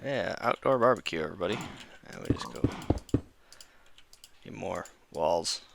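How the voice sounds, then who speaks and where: A man's voice: deep voice, animated, normal speed, creaky, background noise. A man casually commenting while playing a building game, rambling, correcting himself and talking to his viewers. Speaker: gaming channel host.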